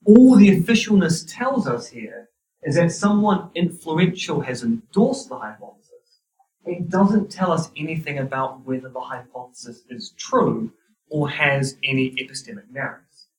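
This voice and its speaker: A man's voice: fairly high pitch, expressive, moderate pace, a little mellow. Wry New Zealand man lecturing in a hall. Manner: wry, dry humor. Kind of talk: university lecture. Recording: roomy hall, distant mic.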